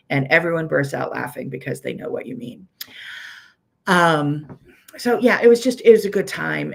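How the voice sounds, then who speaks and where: A woman with a lowish, creaky voice and a Pittsburgh accent hosts a casual livestream. She's a quilting teacher from Pittsburgh, USA, doing her weekly stream in a chatty, rambling way, full of "um"s as she greets viewers by name.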